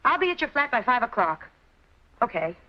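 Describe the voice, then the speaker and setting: An actress playing a breezy, headstrong society wife in a 1940s film, flippant and unflappable. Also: female voice, on the high side, very animated, a little fast. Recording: dull old film soundtrack.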